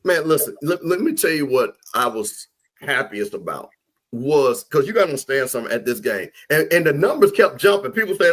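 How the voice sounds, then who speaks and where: A man talking sports in an animated, emphatic way, repeating himself and preaching his point. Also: a little high, brisk. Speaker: podcast guest, HBCU football commentator.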